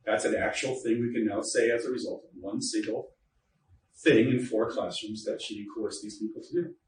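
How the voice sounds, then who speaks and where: A man's voice: fairly low pitch, fairly even intonation, normal speed. A man giving an informal workshop lecture to teachers, chatty and joking, with asides to the audience. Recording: roomy echo, distant mic, faint noise.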